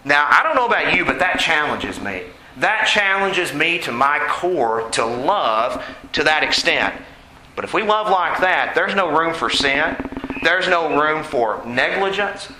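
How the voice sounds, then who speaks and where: A man's voice: fairly high pitch, sing-song, measured pace, pushed and bright. A man preaching a sermon in an earnest way, asking the congregation questions. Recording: echoey room with faint noise.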